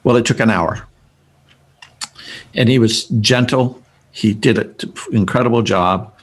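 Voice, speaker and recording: A man's voice: fairly low pitch, a little slow. A man speaking to a group as a Christian speaker, telling a story in an earnest, rambling way, restarting and correcting himself often.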